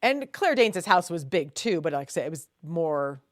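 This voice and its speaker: Chatty low-voiced woman, dry close mic. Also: normal speed, no room sound. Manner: chatty and animated, breaks into loud exasperated quoted outbursts. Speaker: podcast co-host. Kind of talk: casual chat reviewing a TV series.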